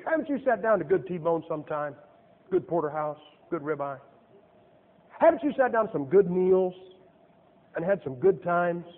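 A man's voice: sits high, lively intonation, moderate pace, pauses often. Male preacher, middle-aged, folksy joker; tinny recording with a long hall tail. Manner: folksy and joking, rhetorical questions. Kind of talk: sermon. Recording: tinny, echoey church recording.

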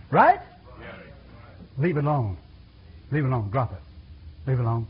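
A man's voice: fairly high pitch, expressive, moderate pace, long pauses, lo-fi sound, slight background noise. A man preaching a sermon in a folksy, repetitive style, calling out to his congregation.

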